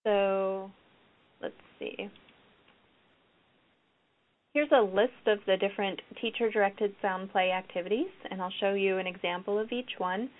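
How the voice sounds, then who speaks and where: A woman's voice: mid-range voice, steady tone, a little slow, pauses often. A woman presenting a reading program for teachers, explaining classroom activities and modeling them aloud. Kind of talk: recorded lecture with slides. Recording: tinny phone-like lo-fi audio.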